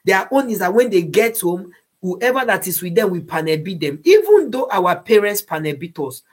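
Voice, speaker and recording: Husky-voiced Nigerian woman, preachy. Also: mid-range voice, big pitch swings, normal speed. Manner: slips into Nigerian Pidgin phrases; preachy, repeats words while searching. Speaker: speaker giving moral advice. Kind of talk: earnest moral talk.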